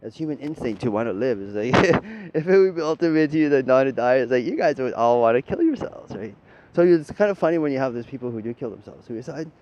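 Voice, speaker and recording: A man of middle pitch talks through a loose, rambling spiritual monologue, checking in with "right?" after almost every point and swearing without a second thought. The recording is dull and lo-fi, with a faint rumble underneath. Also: a little mellow. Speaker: spiritual talker.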